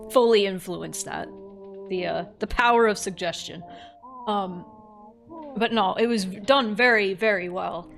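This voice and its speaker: A woman's voice: medium pitch, a bit bright. A woman streamer giving candid, casual commentary on a horror game, thinking aloud and swearing freely.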